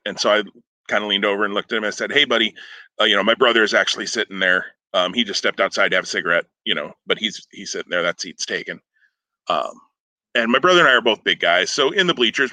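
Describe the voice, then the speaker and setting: A man's voice: fairly low pitch, pushed and bright, no room sound, low-quality recording. A man hosting a podcast, telling a long rambling story in casual chat, often breaking off with fillers and chuckles. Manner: rambling, self-interrupting, chuckling. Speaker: podcast host.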